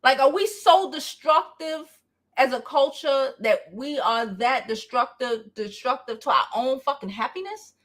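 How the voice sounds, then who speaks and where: A woman's voice: high voice, measured pace, a bit bright. A woman giving reactive vlog commentary in an emphatic, exasperated, profane rant. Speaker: commentary vlogger.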